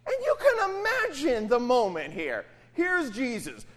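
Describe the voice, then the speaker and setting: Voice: high-pitched, a little slow, hardly any pauses. A pastor preaching in a casual, conversational way, often checking in with the listeners by asking "right?". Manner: animated, often asks "right?". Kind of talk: conversational sermon.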